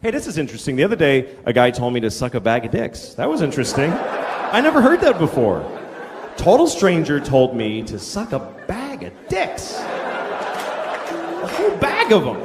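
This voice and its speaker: A man's voice: huge pitch swings, moderate pace, crowd noise. A middle-aged man doing a stand-up comedy set, telling stories in a wry, profane way, recorded live in a large theater. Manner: wry, profane storytelling with big pitch swings. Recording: live hall with audience and background noise.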